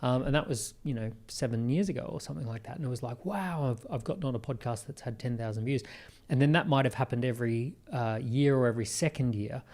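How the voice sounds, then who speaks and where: A man with an Australian accent, a guest on an interview podcast, telling business stories in an animated way with quick restarts and asides. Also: medium pitch. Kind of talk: conversational interview.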